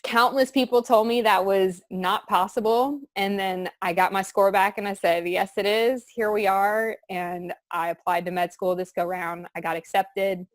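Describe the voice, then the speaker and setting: A woman's voice: mid-range voice, steady tone, normal speed, hardly any pauses, dry recording. Young woman, earnest, rambling, dry close sound. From southern Louisiana. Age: young adult. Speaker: student giving a testimonial. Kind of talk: candid testimonial chat.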